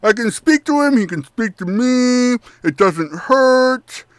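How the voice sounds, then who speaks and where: A man's voice: very high-pitched, expressive, takes it slowly, dry recording, voice pushed up, heavily acted. A man voicing a distracted, chatty candy-apple-headed man who talks as if his mouth is full. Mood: chatty resigned. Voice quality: mushy, as if talking with a full mouth. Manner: rambling, cheerfully resigned.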